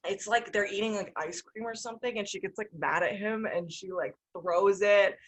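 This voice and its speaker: A woman co-hosting a podcast, talking through a film in a casual, animated way with lots of fillers. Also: mid-range voice, moderate pace. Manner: animated, talks through ideas with many fillers. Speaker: podcast co-host.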